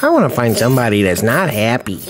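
Let's-play gaming host, playful and teasing, lively swooping pitch, game music underneath. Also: fast talker. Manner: playful, animated, with mock-panicked cries and teasing calls.

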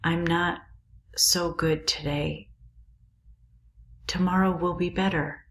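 A woman voicing a dying old male professor whose thin, raspy voice comes in short, breathy bursts near a whisper. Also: lowish voice, fairly even intonation, takes it slowly. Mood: faint, tender.

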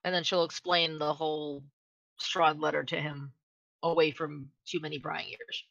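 A woman playing a tabletop game, chatting casually and speaking in character with a lively manner. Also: low voice, moderate pace, gravelly, dull audio. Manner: lively, laughs easily. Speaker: player.

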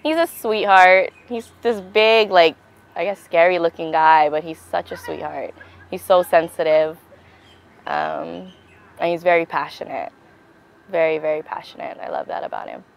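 A woman's voice: on the low side, sing-song, normal speed, gravelly, rough recording. A young woman recounting her engagement in a casual interview, playful and affectionate, acting out remembered exchanges. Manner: playful, acts out quotes, affectionate. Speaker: bride-to-be interviewed for an engagement video.

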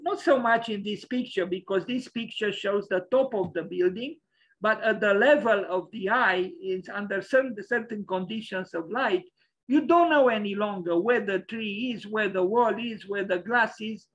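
A man's voice: high voice, moderate pace, a bit bright, dull audio. A man giving an opinionated lecture over slides, hesitant and full of fillers.

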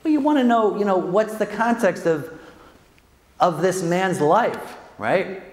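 This high-pitched Jesuit priest keeps a measured pace as he delivers a spirited, humorous faith talk to a crowd. Quotes get acted out and "right?" gets tacked on frequently, all captured in a big, echoey hall with lengthy reverb.

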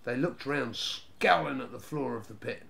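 A man's voice: medium pitch, moderate pace, vocal fry, fairly bright tone. Man reading a storybook steadily. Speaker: narrator.

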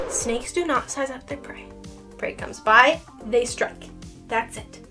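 A young woman hosting an educational video, explaining things in a lively, playful and sarcastic way with dramatic emphasis. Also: high voice. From Canada. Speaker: reptile educator and channel host.

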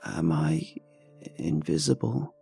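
A man voicing a frail, ghostly hospital patient woman who speaks in a soft, hushed way. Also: mid-range voice, sing-song, slow pace, creaky, soft background music, exaggerated voice.

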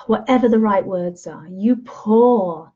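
Woman talking you through a self love exercise real slow, soft mellow voice, kinda muffled recording. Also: fairly high pitch, slightly rough. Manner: slow, soothing, gentle guidance. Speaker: spiritual teacher. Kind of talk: guided self-love session.

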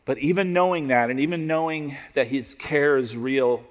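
A man preaching a sermon as pastor, conversational and joking, dropping to soft prayerful tones. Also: mid-range voice, moderate pace, long reverb tail. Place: church auditorium.

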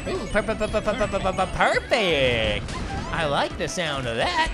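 A squeaky, high-pitched talking orange rattles off hyper, silly commentary as he plays a game. He stutters and repeats words in bursts when he gets excited. Bright game music plays loudly underneath him the whole time. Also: moderate pace. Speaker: gaming channel host.

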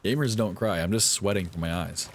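A young man giving live gameplay commentary, excitable and often yelping and swearing at enemies. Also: deep voice, brisk, a little hiss or hum. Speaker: streamer.

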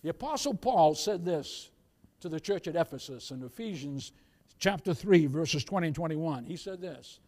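A man preaching a sermon as pastor, reading scripture slowly and rising to loud calls for amen. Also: a little high, lively intonation. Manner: reads scripture slowly in King James wording; jokes with the congregation and laughs.

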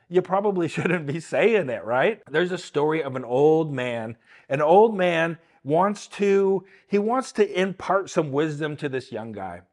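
A man's voice: on the high side, lively intonation, a little slow. An older man giving a casual, earnest Bible teaching, often repeating words and asking "right?" along the way. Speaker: Christian teacher.

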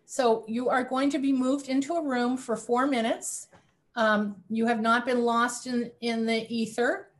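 A woman leading an online religious service over a video call, inviting people in a gentle, unhurried way. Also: fairly high pitch, steady tone. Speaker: service leader.

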